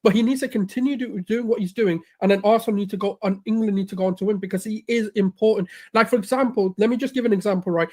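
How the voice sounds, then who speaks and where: A man argues a football opinion in a discussion clip, pushing his point with one hypothetical after another. He talks very quickly in a high voice. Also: warm tone. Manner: insistent, piles up hypotheticals.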